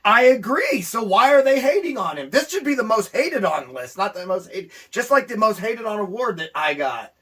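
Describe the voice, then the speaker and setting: Boastful husky-voiced male co-host. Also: sits high, sing-song, moderate pace, few pauses, a bit bright, distant mic. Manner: boastful, indignant, self-praising. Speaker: wrestling show co-host. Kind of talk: casual in-character chat.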